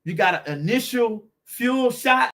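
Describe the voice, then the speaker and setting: A man's voice: very high-pitched, expressive, a little slow, bright, forceful tone. A man hosting a car channel live stream, chatting with viewers in a laid-back, encouraging way and greeting them by name.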